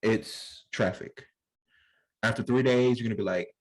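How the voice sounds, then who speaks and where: A young adult man co-hosting a podcast, telling stories in a slangy, animated way and acting out voices in casual chat. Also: lowish voice, a little slow, low-quality recording. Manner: animated storyteller, slangy, acts out voices in anecdotes. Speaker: podcast co-host.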